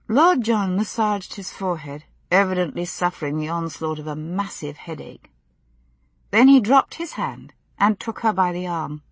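A woman narrating a novel as an audiobook, in a measured storytelling manner. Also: fairly low pitch, expressive, breathy edge, no room sound. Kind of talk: scripted narration.

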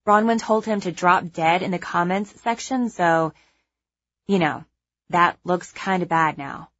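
A young adult woman narrating a first-person audiobook in a measured, wry, conversational way. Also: on the low side, fairly bright tone, highs cut off.

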